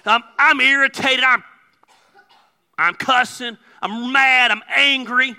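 A man preaching a sermon as pastor, telling a joking story with sudden loud outbursts. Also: very high-pitched, steady tone, slow. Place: church sanctuary. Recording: long hall reverb.

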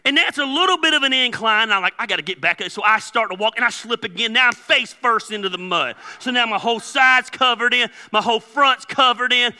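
Male pastor, storytelling sermon, bursts of shouting, long hall reverb. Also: very high voice, a little fast, few pauses. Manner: joking storyteller, animated with sudden loud outbursts. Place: church sanctuary.

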